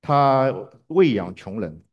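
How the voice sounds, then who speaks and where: A man's voice: mid-range voice, lively intonation, slow pace, muffled recording. A man interpreting a sermon live, hesitating with fillers and restarts.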